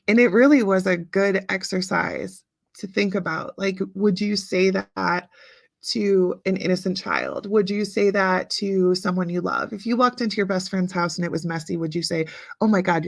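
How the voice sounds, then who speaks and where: A woman's voice: medium pitch, measured pace, vocal fry, dry recording, studio quality. A woman in her late thirties hosting a casual livestream chat, talking to viewers and reading out their comments. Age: late 30s. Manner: chatty, reads out viewer comments, frequent ums. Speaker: livestream host.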